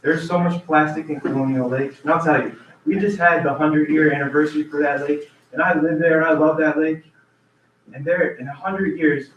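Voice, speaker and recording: A man's voice: on the high side, a bit bright, a little hiss or hum. A man giving public comment at a council meeting, talking in an urgent, earnest way and often restarting his sentences. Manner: repeats himself and restarts sentences. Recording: roomy, distant, dull meeting-room audio.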